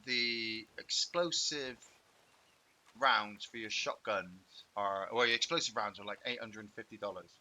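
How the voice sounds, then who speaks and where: A man hosting a game stream, giving excitable, shouty commentary with playful trash talk. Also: on the low side, unhurried, slight background noise. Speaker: gaming host. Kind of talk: live gameplay commentary.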